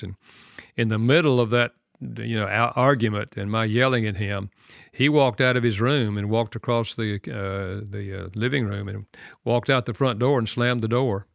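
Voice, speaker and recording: An older man, a guest author on a radio talk show, telling a personal story in an earnest, soft-spoken way and laughing at himself. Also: mid-range voice, gravelly, clean tone, dry recording, clean studio sound. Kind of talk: conversational storytelling.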